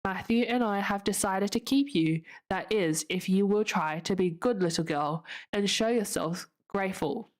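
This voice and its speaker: A woman's voice: medium pitch, moderate pace, hardly any pauses, close to an everyday voice. A woman voicing a stern, practical older spinster who speaks firmly and disapprovingly.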